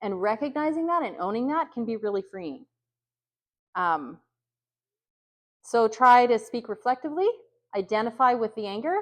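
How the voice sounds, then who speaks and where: A woman's voice: a little high, expressive, normal speed, pauses often. A woman leading a training session for youth workers, talking conversationally with many ums and acting out example phrases. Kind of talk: training talk.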